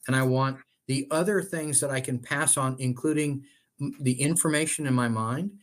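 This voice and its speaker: Older male attorney guest, sincere, stumbles and restarts as he speaks. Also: mid-range voice. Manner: earnest, heartfelt, halting with many restarts. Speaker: estate planning attorney, guest. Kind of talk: earnest interview talk.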